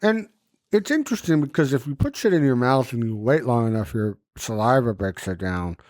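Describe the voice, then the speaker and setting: A podcast co-host, a man with a mid-range voice, talks fairly quickly in a casual comedic chat, animatedly telling stories packed with swearing and acted-out voices. The sound is clean studio quality with no room sound.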